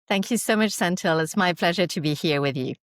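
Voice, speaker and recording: A woman's voice: on the low side, fairly quick, no room sound. A woman in her forties, a native French speaker, explaining her subject as a podcast guest through vivid concrete scenarios. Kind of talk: explanatory interview talk.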